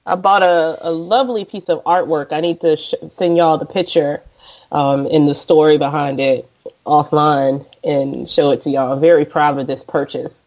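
A woman co-hosting a casual podcast chat, speaking in a relaxed, hesitant way with frequent restarts. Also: deep voice, normal speed, poor audio. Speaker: podcast co-host.

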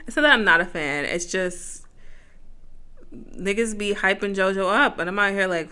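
A woman's voice: mid-range voice, normal speed, long pauses, pushed and bright, clear, resonant tone. A woman co-hosting a podcast in casual chat, blunt and joking with a profane edge. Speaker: podcast co-host.

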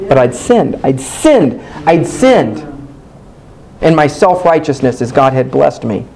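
A man preaching a sermon, telling a personal story in an animated, candid, self-mocking way and acting out his own past dialogue. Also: mid-range voice, slow pace, vocal fry, rough recording.

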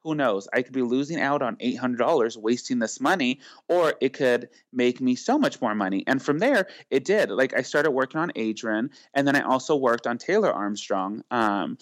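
Animated man telling a story in an interview. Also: medium pitch, normal speed, few pauses, no room sound, studio quality. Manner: animated, acts out quoted dialogue, heavy use of filler. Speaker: celebrity makeup artist, guest.

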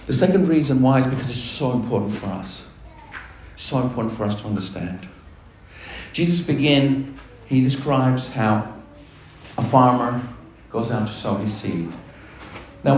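A man preaches a sermon to his congregation in an animated way, often stopping to put questions to the people listening. His voice sits at an ordinary middle pitch. The recording carries the echo of a large room, with faint ambient noise underneath. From Australia. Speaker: pastor. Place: church. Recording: echoey church hall with faint ambience.

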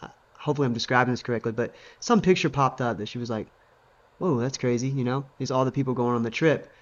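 Man co-host, quick rambling storyteller, casual faith chat, slightly muffled recording. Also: mid-range voice. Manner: rambling storyteller with many fillers. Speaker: podcast co-host.

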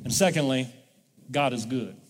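A man's voice: mid-range voice, normal speed, big-room sound, slight background noise. A male pastor preaching a sermon in a church, leading the congregation in call-and-response. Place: church sanctuary.

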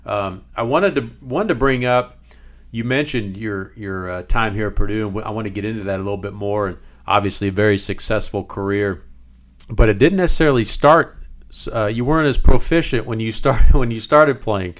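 Low-voiced male interview host. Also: fairly quick. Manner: friendly, filler-heavy questioning. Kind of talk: casual interview.

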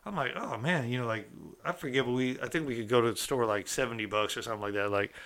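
A man's voice: medium pitch, fast talker, fairly bright tone. A man casually telling a story from his own past in a streetwise, conversational way, often checking in with the listener. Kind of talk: casual first-person storytelling.

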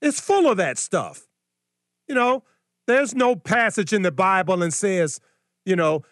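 A man's voice: sits high, very animated, unhurried, pauses often, fairly bright tone, no echo, studio quality. A middle-aged man hosting a political commentary show, preaching in a combative, scolding way and firing off rhetorical questions.

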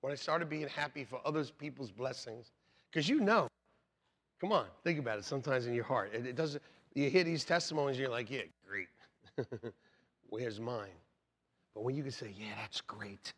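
A man's voice: medium pitch, fairly quick, husky. A man preaching a sermon as pastor, telling stories with acted-out voices and jokes for the congregation. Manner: animated storytelling, acts out voices, jokes with congregation. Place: church sanctuary.

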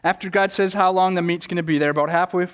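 An earnest man preaching to his congregation, his voice sitting a little on the high side. He presses each point by repeating words, and now and then lifts his voice to act out a quoted prayer. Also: steady tone, fast talker, clear, resonant tone. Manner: acts out quoted prayers in a raised voice. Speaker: pastor. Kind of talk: sermon.

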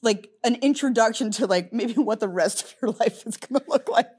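A woman's voice: fairly high pitch, brisk, a little mellow, slightly rough. Chatty woman interviewer asking questions. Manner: chatty, asks questions with frequent "like" and laughs. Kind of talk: casual interview.

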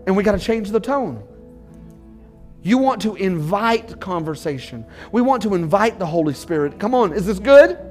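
A man's voice: high-pitched, lively intonation, normal speed, darkish tone, faint music behind. A pastor preaching an emphatic sermon to his congregation about marriage. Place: church.

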